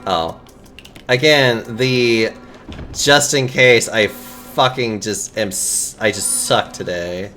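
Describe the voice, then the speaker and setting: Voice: medium pitch, takes it slowly, pushed and bright, faint music behind. A game streamer chatting casually while playing, swearing freely and laughing often. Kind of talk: casual live-stream chat.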